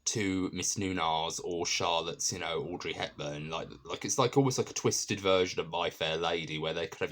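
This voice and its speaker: A man with a low voice reviews a TV episode in a loose, chatty way. He wanders through his points and keeps stopping to restart or fill gaps with ums. He comes across earnest and keen on the episode. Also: fairly quick, hardly any pauses, a bit bright. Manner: rambling, many fillers and restarts. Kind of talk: casual spoken episode review.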